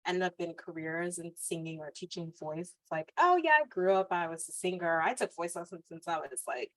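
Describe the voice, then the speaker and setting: A woman hosting an interview, asking encouraging, warm questions. Her voice sits a little low. The sound is dry and close, with no room echo. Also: steady tone, brisk. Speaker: podcast host. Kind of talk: conversational interview.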